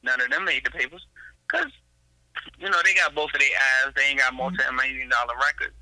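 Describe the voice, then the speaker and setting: A young man co-hosting a podcast in casual chat, blunt and slangy, reasoning his points out loud. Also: mid-range voice, fairly even intonation, a little fast, no room sound, low-quality recording. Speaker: podcast co-host.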